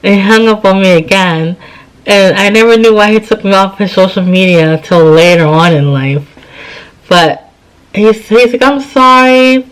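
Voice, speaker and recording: Over a rough recording, a tired vlogger in her thirties tells a personal story to camera at a moderate pace in a medium-pitched voice, yawning as she goes. Her casual storytime is chatty, with old scenes retold by voicing both sides of the dialogue.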